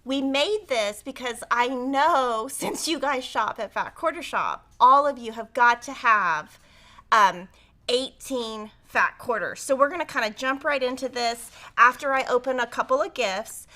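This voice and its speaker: A middle-aged woman hosting a quilting livestream in a chatty, excitable way, with lots of "um" and "like" as she talks. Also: high-pitched, measured pace. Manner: chatty and excitable, with many "um" and "like" fillers. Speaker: host of a quilt shop livestream. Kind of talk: casual live-stream chat and quilting tutorial.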